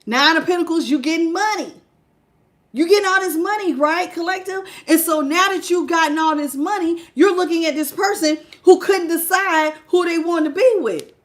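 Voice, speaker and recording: A woman's voice: very high-pitched, normal speed. A woman giving a live tarot reading, talking casually and emphatically to her viewers, repeating phrases and laughing often. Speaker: tarot reader.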